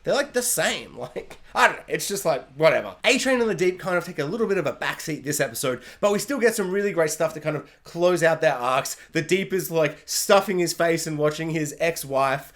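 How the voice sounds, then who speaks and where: Young man, TV reviewer, high voice, rambling, excitable, casual chat. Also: a little fast, few pauses. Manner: rambling, excitable, lots of fillers. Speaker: TV show reviewer.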